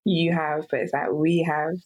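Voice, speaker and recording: A woman podcast host interviews her guest in a thoughtful, unhurried way, working through her questions with ums and small restarts. Her voice is slightly low for a woman. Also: level tone, darkish tone, a little hiss or hum, low-quality recording.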